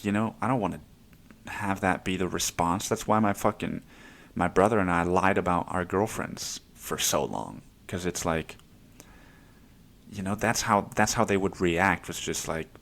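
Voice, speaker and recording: Low-voiced man rambling and swearing. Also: normal speed, creaky, a bit bright. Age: young adult. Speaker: podcast host. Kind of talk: casual personal monologue.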